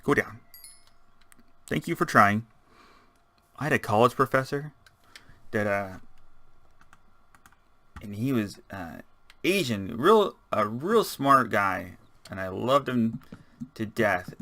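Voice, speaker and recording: Man, fairly low voice, forceful edge, rambling let's-play commentary, muttering to himself. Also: expressive, takes it slowly, pauses often, no echo. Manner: rambling, chatty, talks to himself while building. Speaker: gaming channel host.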